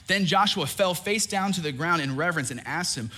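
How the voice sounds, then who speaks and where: A young man preaching a sermon, animated and joking, acting out the voices in the story he tells. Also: fairly high pitch, brisk. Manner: animated, acts out quoted voices, jokes with the crowd. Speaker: pastor.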